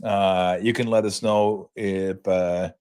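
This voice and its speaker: A man hosting his own sports podcast, telling a story in a casual, animated way, laughing now and then and restarting sentences with plenty of fillers. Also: low voice, slow pace, clean tone. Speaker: podcast host.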